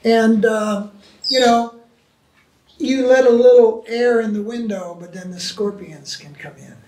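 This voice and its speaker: A man's voice: extremely high pitch, steady tone, a little slow, a little mellow. A man, a swami, answering questions in an informal spiritual talk, colloquial and emphatic with many asides. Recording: echoey room, distant mic.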